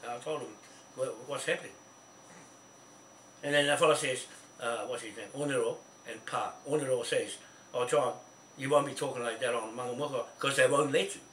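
This New Zealand-accented caller speaks fairly quickly but leaves long pauses, his medium, fairly bright voice staying fairly even. He rambles and presses his point with many restarts, repeated words and a habitual "see?", over a distant, echoey line with faint hiss.

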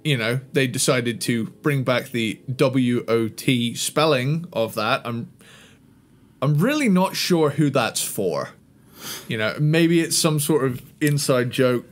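A man's voice: mid-range voice, lively intonation, slow. A man in casual review chat on a podcast, laughing often and making dry sarcastic asides. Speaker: podcast co-host.

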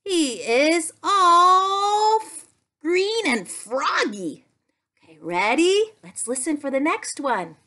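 Woman speech therapist, children's lesson, very high voice, slow and sing-song, exclamatory. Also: very animated, bright, forceful tone. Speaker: speech-language pathologist.

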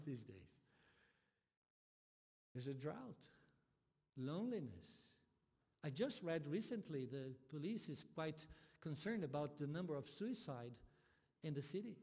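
A man preaching a sermon as pastor, speaking with passion and moving from soft, quiet lines to loud, rising appeals. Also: a little high. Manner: impassioned, swings from soft to loud. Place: church sanctuary. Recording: long hall reverb.

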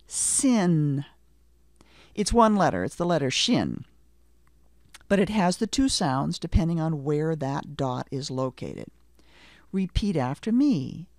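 A middle-aged woman teaching a language lesson, slowly and deliberately saying letter names and asking the listener to repeat after her. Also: fairly low pitch, darkish tone, no echo, clean studio sound. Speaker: Hebrew teacher. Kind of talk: slow, careful language lesson with repetition drills.

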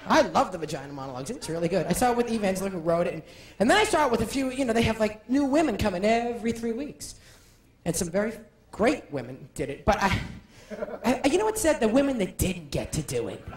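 Brief: campy, lively male stand-up, wide-swinging high voice, echoey club with laughing crowd. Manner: camp, animated, rapid asides. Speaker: comedian. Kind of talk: stand-up comedy. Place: live comedy venue. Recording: echoey live room with audience.

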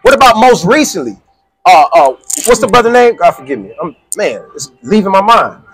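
A man's voice: high voice, sing-song, brisk, crowd noise, rough recording. A man preaching in the street with call-and-response, insistently quizzing a listener and repeating his questions.

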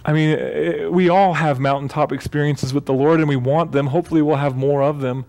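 A male pastor delivering a sermon in church, his voice sitting somewhat high for a man. He keeps it conversational and light, dropping jokes and fixing his own slips as he goes. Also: steady tone, fairly quick, gravelly, darkish tone. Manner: conversational and joking, with self-corrections.

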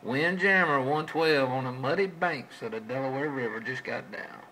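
A man's voice: mid-range voice, moderate pace, heavy background noise. A man trading folksy CB radio chatter with other operators, drawing out his calls and repeating his stock phrases.

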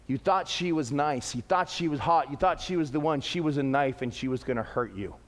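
A man preaching voices God as a firm, protective father, speaking low, measured and earnest, with long hall reverb. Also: expressive.

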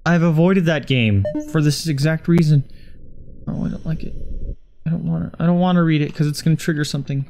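A man's voice: a little high, fairly quick, darkish tone, soft background music. A man commentating a horror game in a panic, swearing and repeating words in frantic bursts. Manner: swears and yelps at scares. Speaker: gaming video host. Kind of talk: frightened let's-play commentary.

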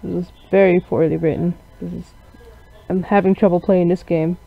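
A man's voice: high voice, flat delivery, moderate pace, vocal fry, no room sound. Man mocking a visual novel aloud. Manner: sarcastic, mocking asides. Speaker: gaming channel host. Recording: dry, dull lo-fi recording.

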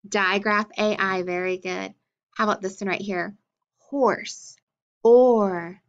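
A woman's voice: medium pitch, fairly bright tone. A woman teaching a phonics lesson to young children, patient and encouraging as she walks through letters and sounds. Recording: dull lo-fi recording.

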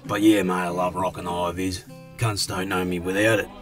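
A man's voice: deep voice, level tone, fairly quick, over music, close to an everyday voice. A man voicing an easygoing Australian pub regular in a cartoon, swearing in every sentence. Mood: laid-back. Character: laid-back Aussie bloke in high-vis, pub regular. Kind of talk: animated cartoon voice acting.

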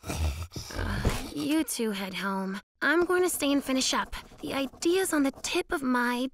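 A woman voicing an eager young cartoon pet who makes movies, talking in an animated way with sighs and gasps. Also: sits high, a little slow, noisy background, heavily acted. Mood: fretful. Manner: animated, sighing and gasping. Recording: music playing underneath.

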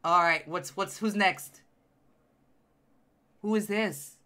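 A man streaming a game live, reacting with loud, excitable outbursts and teasing his chat. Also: high-pitched, slow pace, clean tone. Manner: addresses chat directly, playful teasing. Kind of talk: live gameplay commentary.

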